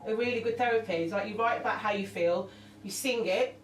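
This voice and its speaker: Brisk and medium-pitched, a female singer opens up emotionally in an interview, rambling with restarts. The recording is distant and roomy, with a little music in the background.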